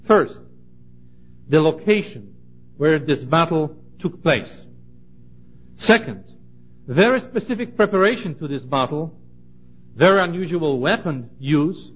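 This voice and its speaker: A man giving a Bible study, reading scripture aloud in a measured, deliberate way and stressing key words. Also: a little high, husky. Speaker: Bible teacher. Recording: dull lo-fi recording.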